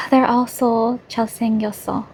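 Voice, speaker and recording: A woman's voice: a little high, little pitch movement, fast, slight background noise. A woman filming an unboxing vlog, gushing, gasping and squealing with delight. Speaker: vlogger.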